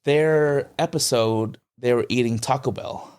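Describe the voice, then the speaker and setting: A man's voice: medium pitch, unhurried, darkish tone, smooth. A man co-hosting a casual podcast chat, rambling with many ums and restarts and jumping into a raised voice when he quotes people. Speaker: podcast co-host.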